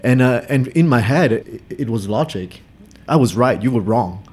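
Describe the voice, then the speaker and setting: A man's voice: mid-range voice, lively intonation, moderate pace, a little mellow, husky. A man around his thirties in a casual podcast chat, reflective and confessional, often repeating words.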